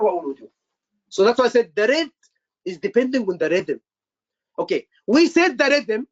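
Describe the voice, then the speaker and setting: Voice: medium pitch, fairly bright tone, highs cut off. Repetitive instructor quizzing a live class. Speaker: medical exam instructor.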